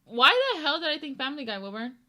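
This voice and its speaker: A woman co-hosts a reaction video in loose, casual chat, laughing at her own slip. Her voice sits high and bright and bounces around a lot. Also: very animated, quick pace. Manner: self-deprecating, chatty. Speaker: reaction channel co-host.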